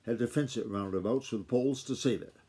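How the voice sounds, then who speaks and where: Dad putting on a crusty old farm grandpa, rustic drawl, mellow husky voice. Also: male voice, medium pitch, brisk, close to an everyday voice. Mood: gentle. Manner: rustic drawl, blustery then gentle. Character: gruff old male farmer grandfather, country dialect, impatient.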